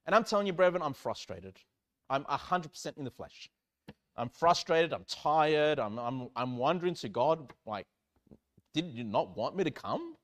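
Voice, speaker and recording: A male pastor tells a story from the pulpit in a high, bright-toned voice. His delivery is animated, jumping from loud cries to quiet, sinking lines. He sounds like a preacher in full storytelling flow. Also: moderate pace. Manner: animated storytelling, swinging from loud exclamations to hushed low lines. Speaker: church pastor. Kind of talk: sermon storytelling.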